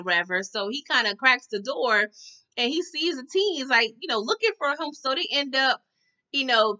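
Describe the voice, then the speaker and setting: A woman giving a chatty, slangy recap of a TV episode, with quick asides. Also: on the high side, bright, forceful tone, dull audio. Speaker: TV episode reviewer. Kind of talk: casual TV recap.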